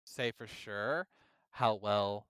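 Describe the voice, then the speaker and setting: A man co-hosting a gaming podcast in casual chat, excitable and animated, often acting out his own reactions. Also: lowish voice, extremely slow, clear, resonant tone, dry recording. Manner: excitable, acts out reactions in quoted voices. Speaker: podcast co-host.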